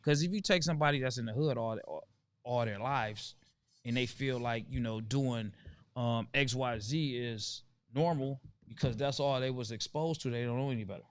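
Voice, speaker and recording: A man's voice: mid-range voice, normal speed. Earnest man making his point in conversation. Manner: earnest, emphatic, repeats points. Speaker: host. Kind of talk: casual conversation.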